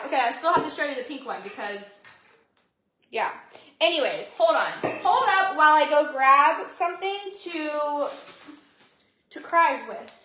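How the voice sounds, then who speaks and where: A woman hosts a casual phone livestream from home, chatty and bubbly, greeting viewers by name. Her voice is high, bright and sharp. The room around her echoes. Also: expressive, a little slow, long pauses, slight background noise. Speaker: livestream seller. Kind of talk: casual livestream sales chat.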